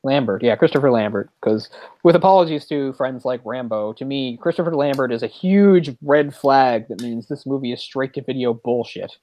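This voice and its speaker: A man hosts a casual movie podcast, talking in a rambling, animated way and laughing quickly between points. His voice is mid-pitched and the sound is dry and close, with no room around it. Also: no room sound. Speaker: podcast host.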